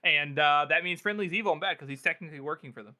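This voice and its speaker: A man co-hosting a podcast in excitable casual chat, quick to laugh. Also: a little high. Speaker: podcast co-host.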